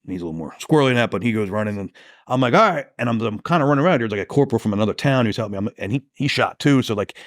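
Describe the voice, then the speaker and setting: A man's voice: on the low side, racing, dry recording, clean studio sound. A man who works as a police detective, telling a story as a podcast guest in a casual, profane way and acting out the lines he quotes.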